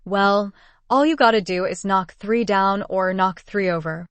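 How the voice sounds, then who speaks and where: A woman's voice: medium pitch, a little slow, fairly bright tone, no echo, close to an everyday voice. A woman voicing a scruffy, gap-toothed male carnival game worker with a folksy Texan drawl.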